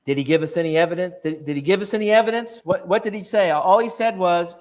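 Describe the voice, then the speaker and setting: Man preaching, slightly higher voice, animated, repeats himself, asks the room questions. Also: quick pace, hardly any pauses. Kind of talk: church evening talk.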